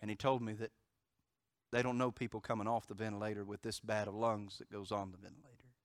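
A man preaching a sermon as pastor, moving from loud emphatic declarations to hushed storytelling. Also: on the low side, level tone, quick pace, no echo, studio quality.

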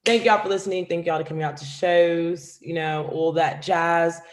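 A woman's voice: fairly low pitch, steady tone, moderate pace, a little hiss or hum. A woman comedian co-hosting a podcast, playful and bold as she riffs on absurd bits. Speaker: comedian co-host. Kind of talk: casual comedy podcast chat.

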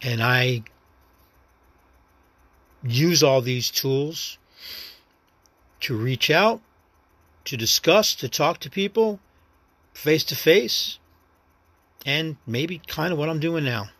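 A man's voice: on the high side, animated, takes it slowly, pauses often, a bit bright, dry recording. A man from New York City with a New York accent, hosting his own podcast in a rambling, reflective, understated personal monologue. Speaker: podcast host.

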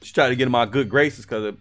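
A young man casually telling a personal story, slangy and animated, with lots of fillers. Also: medium pitch, a little fast, faint music behind.

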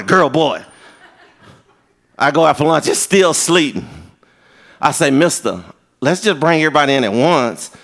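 Texan male pastor, sermon, bright and forceful, swinging pitch, higher than most men. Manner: animated storytelling with shouted quotes.

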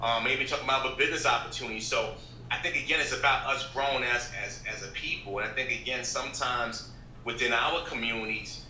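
A man's voice: mid-range voice, steady tone, fairly quick, pushed and bright. A man who works in radio, talking as a guest in an earnest, motivational way that rambles with restarts. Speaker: podcast guest, radio host. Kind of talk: casual interview talk. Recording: roomy echo with faint background noise.

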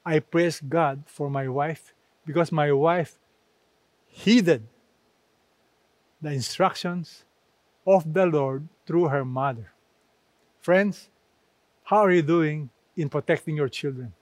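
A man delivers a sermon in an unhurried, emphatic way, leaning on repetition as he quotes scripture. His voice sits a little high for a man. The sound is dry and close. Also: no room sound. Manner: slow, emphatic preaching with repeated phrases. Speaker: preacher.

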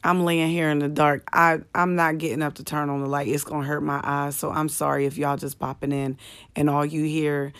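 A woman comedian and podcast host with a low, slightly manly voice, chatting and venting profanely while lying in bed in the dark on a phone. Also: level tone, a little fast, clear, resonant tone. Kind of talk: casual late-night live chat. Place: bedroom in apartment at night, lying in the dark.

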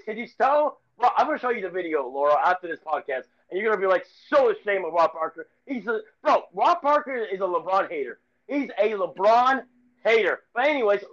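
A man co-hosting a casual sports podcast, ranting excitedly and rambling with repeated phrases. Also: high-pitched, lo-fi sound.

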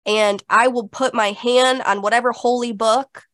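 A woman's voice: a little high, fairly even intonation, measured pace, fairly bright tone, dry recording, clean studio sound. A woman co-hosting a podcast, talking in an emphatic, insistent way about spiritual growth, with lots of "like"s. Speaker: podcast co-host. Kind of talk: casual spiritual chat.

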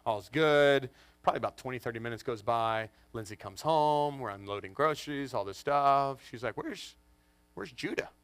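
A man in his forties, a pastor telling a funny family story to his congregation in an animated, joking way. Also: medium pitch, moderate pace, clear, resonant tone, no room sound. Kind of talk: storytelling sermon. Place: church in front of a congregation.

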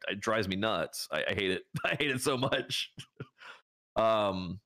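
A man's voice: lowish voice, animated, measured pace, sharp tone. A man from the United States co-hosting a podcast in casual chat. He rambles, restarts his sentences often and laughs a lot. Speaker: podcast co-host.

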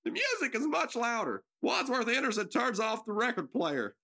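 A woman reads stage directions for a homemade radio drama, her gravelly voice bright and lively in pitch. She sounds nervous, giggles, and tosses in joking asides between the lines. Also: moderate pace. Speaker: narrator.

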